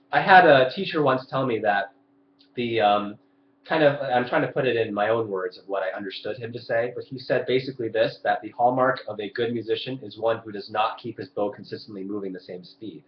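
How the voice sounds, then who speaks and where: A young man runs a live violin lesson from a room at home, explaining points and quizzing his viewers. He talks at a mid pitch. His webcam mic gives the audio a dull tone and a roomy echo with faint background noise. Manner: explains and demonstrates, asks viewers questions. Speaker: violin teacher.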